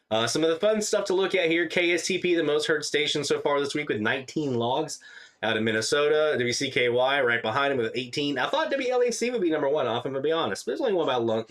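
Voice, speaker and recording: Chatty man hosting a radio hobby stream. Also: mid-range voice. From Louisiana. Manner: relaxed, chatty, many fillers. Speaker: radio DX live stream host. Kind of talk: casual live stream commentary.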